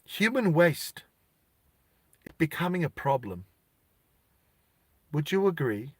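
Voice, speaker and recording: A man voicing a cold, snarky male humanoid official in a told story, with slow, measured, flat delivery. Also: on the high side, no room sound, heavily acted.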